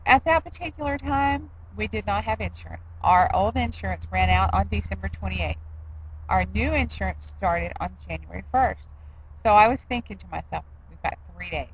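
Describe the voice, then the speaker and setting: A woman's voice: mid-range voice, poor audio. A middle-aged woman rambling in a casual vlog, self-deprecating with laughing asides. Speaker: diet vlogger.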